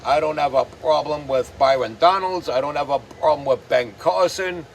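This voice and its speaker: A man's voice: fairly high pitch, moderate pace, gravelly, slight background noise. A man hosting his own show, delivering a profane, sarcastic ranting commentary. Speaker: host.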